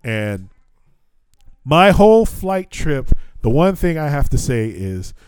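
A man's voice: on the high side, slow, smooth, dry recording. A man hosting a podcast, telling a story in casual chat, swearing often and acting out the voices in it. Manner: profane, animated, acts out dialogue. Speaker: podcast host.

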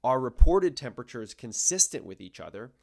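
A man's voice: mid-range voice, sing-song, brisk, gravelly, darkish tone. A man in his twenties, a podcast co-host, explaining his research in a casual, wry, self-deprecating way. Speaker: podcast co-host, planetary science grad student.

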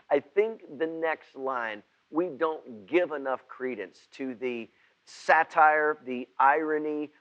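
Slow-talking pastor preaching over lo-fi video. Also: male voice, medium pitch, a bit bright. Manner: halting, with repeated restarts; rises to emphatic outbursts when voicing Jonah. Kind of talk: sermon.

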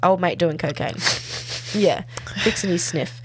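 A woman with a fairly low, husky voice speaks unhurriedly on a podcast, casually recapping a TV episode. Her retelling is animated, and she performs the characters' lines along the way.

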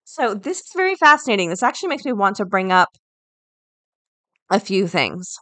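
A woman's voice: mid-range voice, sing-song, moderate pace, bright, forceful tone, no echo. A woman hosting a podcast, reading news items and then thinking aloud in a chatty way, with many fillers and restarts. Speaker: podcast host. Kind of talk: casual podcast commentary.

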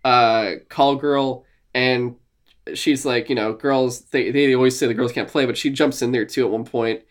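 A man co-hosting a podcast in casual gaming chat, animated and laughing, acting out lines from games he describes. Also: mid-range voice, moderate pace. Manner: animated, laughing, acts out quotes. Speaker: podcast co-host.

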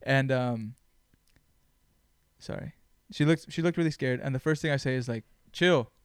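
Male podcast host, casual chat, smooth resonant voice, dry close sound, blunt and profane. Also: medium pitch, moderate pace, no room sound. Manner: blunt, swears often, animated storytelling.

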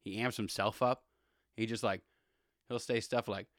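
A man's voice: fairly low pitch, steady tone, normal speed, a bit bright, dry recording, studio quality. Rambling male sports podcast host. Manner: rambling, chuckling, self-correcting. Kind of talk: casual sports chat.

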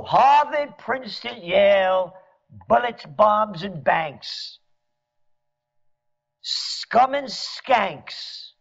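A man delivering a sarcastic, mocking monologue as a commentator, at times rising to shouts. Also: high-pitched, gravelly. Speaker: trend forecaster and commentator. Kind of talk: ranting monologue. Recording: dull lo-fi audio.

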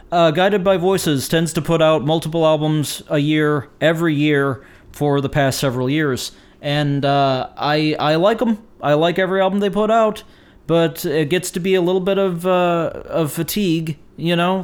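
Male music reviewer, forties, clear resonant voice, offhand deadpan delivery, meandering asides. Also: fairly high pitch. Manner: rambling, wry and deadpan, with some swearing. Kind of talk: casual album review monologue.

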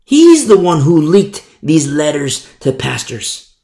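A man delivers a sermon as a pastor, his voice a touch high and gravelly. He preaches emphatically, repeating phrases and sometimes mimicking hypocrites mockingly. The sound carries a roomy echo. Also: very animated, slow, warm tone.

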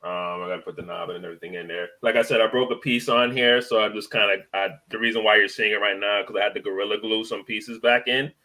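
Forties guy hosting a podcast, kinda low but bright tone, tells stories and acts them out. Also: fast talker, few pauses. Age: 40s. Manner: animated storyteller, acts out quotes, laughs often. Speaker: podcast host. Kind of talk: casual chat, storytelling.

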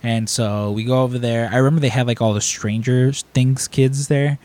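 A man hosting a podcast, telling stories in a loose, rambling way. He jumps up into raised, animated voices when he quotes other people. His voice sits at an ordinary middle pitch for a man. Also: normal speed. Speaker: podcast host. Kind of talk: casual storytelling chat.

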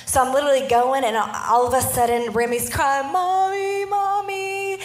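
A woman in her thirties giving a storytelling sermon, animated and often checking in with her listeners. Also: fairly high pitch, fairly quick, echoey room, faint music behind. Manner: animated, keeps checking in with the audience. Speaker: preacher.

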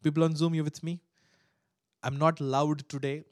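A man preaching a sermon to a live and online congregation, swinging between loud exhortation and hushed prayer, and acting out voices in his stories. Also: a little high, level tone, normal speed, no room sound, clean studio sound. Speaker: pastor.

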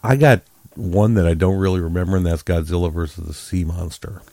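A man's voice: low-pitched, fairly quick, darkish tone, dry recording. A man co-hosting a podcast, chatting casually about a movie with dry, wry remarks. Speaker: podcast co-host. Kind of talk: casual movie review chat.

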